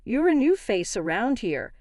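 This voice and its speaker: A woman voicing a rude, arrogant male company director who shouts and sneers with disdain. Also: fairly high pitch, big pitch swings, normal speed, no room sound, clean studio sound, pitched above the performer's own voice. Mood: sneering.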